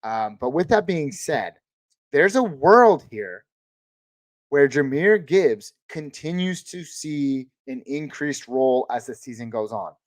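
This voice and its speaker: A man hosting a live-stream Q&A, answering viewer questions in a relaxed, chatty way and calling people dude and man. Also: mid-range voice, a little slow, few pauses, dry recording. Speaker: host of a live fantasy football Q&A stream.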